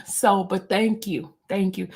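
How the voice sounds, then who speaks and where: A woman's voice: medium pitch, fairly even intonation, slow, a little mellow, breathy edge. A woman hosting her own channel, chatting casually with viewers, rambling and often repeating her thanks. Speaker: channel host. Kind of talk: casual livestream chat with viewers.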